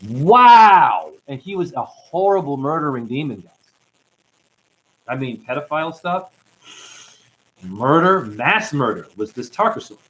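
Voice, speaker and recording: A man's voice: medium pitch, lively intonation, moderate pace, pauses often, bright, forceful tone, poor audio. A man giving an impassioned spiritual monologue as a self-styled teacher, ranting at his viewers and calling them honey. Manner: ranting, calls listeners honey.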